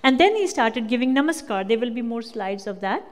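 Woman, Kashmiri speaker, high voice, animated devotional storytelling, long hall echo. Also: a little fast. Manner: animated storytelling, acting out quotes. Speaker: speaker giving a talk with slides. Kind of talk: devotional personal testimony.

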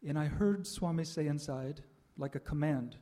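Older male storyteller, mellow and slightly raised pitch, reflective, halting pauses. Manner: reflective, with frequent "uh" pauses and soft laughs. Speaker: speaker sharing a spiritual life story. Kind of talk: personal testimony talk.

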